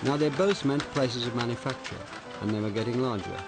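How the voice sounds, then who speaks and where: A man narrating a history documentary in a measured, deliberate way. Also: medium pitch, over music. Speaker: documentary presenter.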